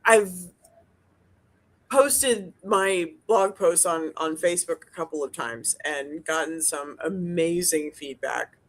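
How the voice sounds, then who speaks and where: A woman's voice: on the low side, takes it slowly. A woman, a dental hygienist, chatting casually as a podcast co-host, blunt and profane, rambling with lots of restarts. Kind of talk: casual chat.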